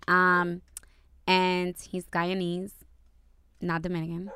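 A young woman chats and jokes with her fiancé on a live stream. Her voice is bright and smooth, and she laughs often as she teases him. The sound is dry and close. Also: fairly low pitch, little pitch movement, unhurried, no echo. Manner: playful, laughs often, teasing. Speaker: co-host. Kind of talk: casual live-stream chat.

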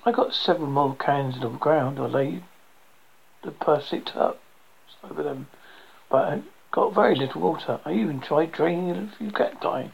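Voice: mid-range voice, moderate pace, vocal fry, husky, poor audio. A storyteller voicing a blunt, pessimistic man who barks grim warnings. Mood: bitter. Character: bitter, pessimistic man, quick to snap.

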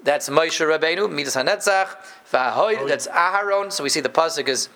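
Animated man teaching a Torah class. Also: brisk. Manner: animated, emphatic, jumps between loud stresses and low asides; playful, jokes with the class. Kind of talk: live Torah class to a group.

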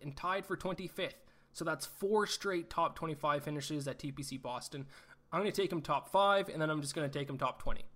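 A man's voice: a little high, fairly bright tone. A man hosting a casual sports betting show, reeling off stats and picks in a chatty, self-deprecating way. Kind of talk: casual betting podcast talk.

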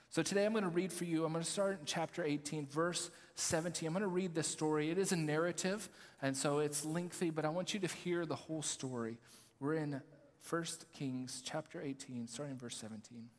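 A man preaching as a pastor, reading scripture slowly and deliberately with emphatic pauses. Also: a little high. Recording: long hall reverb.

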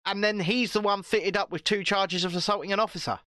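A man's voice: sits high, steady tone, fairly quick, pushed and bright, dry recording, studio quality. A man co-hosting a podcast, ranting and swearing in casual political chat, often repeating himself. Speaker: podcast co-host.

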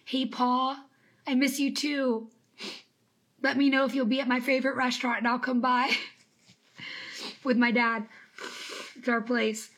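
Woman in her 30s, business coach, live motivational talk, emphatic and faith-infused, fairly high voice. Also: flat delivery, a little slow, long pauses, a bit bright. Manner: emphatic, faith-infused, greets viewers by name. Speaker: business coach and podcast host.

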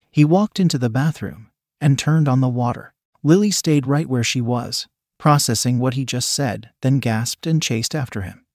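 A man narrating an adult story in a steady, even reading voice. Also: mid-range voice, moderate pace, no echo, clean studio sound.

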